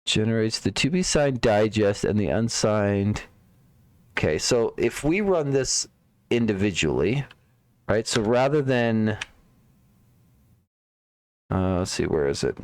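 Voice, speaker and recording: Slow, muttering man debugging code aloud. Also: fairly low pitch, very animated, slight background noise. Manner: muttering to himself, trailing off, repeating words. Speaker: live-streaming programmer.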